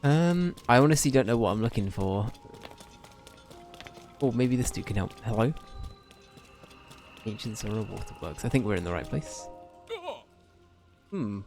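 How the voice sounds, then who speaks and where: A man's voice: on the low side, expressive, a little slow, vocal fry, long pauses, darkish tone, faint music behind. Rambling male game streamer. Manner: rambling, chatty, swears and laughs easily. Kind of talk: casual livestream commentary.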